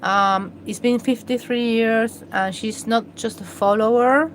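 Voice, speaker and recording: Slow, halting woman live-streaming. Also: fairly high pitch, steady tone, a little hiss or hum, rough recording. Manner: hesitant, halting, many fillers and restarts. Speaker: livestream host. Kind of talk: rambling live-stream chat.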